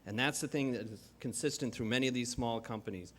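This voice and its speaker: A man hosting an event and introducing the keynote speaker in a conference hall, halting often as he talks. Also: mid-range voice, slight background noise. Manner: halting, many fillers and restarts. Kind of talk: formal introduction speech.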